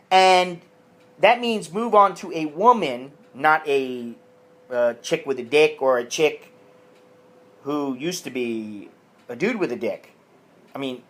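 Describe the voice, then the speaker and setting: A man's voice: a little high, fairly bright tone. An American man giving crude, blunt advice in a casual monologue, slipping into mocking voices when he quotes people. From United States.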